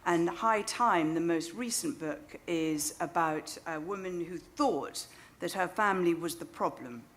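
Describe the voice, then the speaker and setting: British woman author, middle-aged, a little low-pitched, chatty stage anecdote, wry self-mockery. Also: unhurried, fairly bright tone. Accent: British English. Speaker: novelist. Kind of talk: live storytelling on stage. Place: stage of a small club venue.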